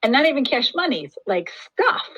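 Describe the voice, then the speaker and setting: A woman's voice: high-pitched, big pitch swings, moderate pace, pushed and bright, rough recording. A woman history teacher giving a recorded lesson, chatty and full of joking asides. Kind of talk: classroom lesson screencast.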